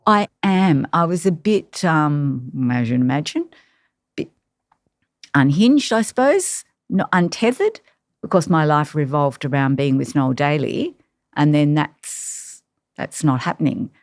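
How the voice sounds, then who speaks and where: A woman, a carer, telling her personal story in an interview, reflective and halting with many pauses. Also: low voice, expressive, no room sound, clean studio sound.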